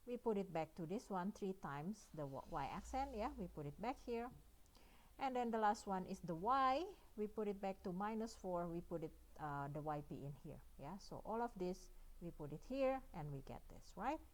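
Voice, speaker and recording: A woman's voice: mid-range voice, animated, normal speed. A woman with an Indonesian accent giving a recorded math lecture, working through each step and often checking in with "yeah" and "right?".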